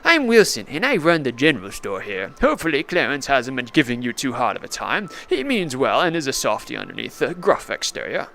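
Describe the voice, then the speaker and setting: A man's voice: mid-range voice, huge pitch swings, a little fast, gravelly, few pauses, bright, forceful tone, a little hiss or hum, full character voice. A man voicing a friendly old male shopkeeper in a video game, with a folksy, welcoming manner.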